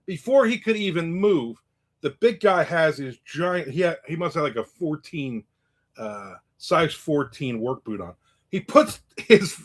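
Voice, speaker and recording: A man telling a story in a casual monologue, animated and acting out the people in it with raised voices. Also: a little high.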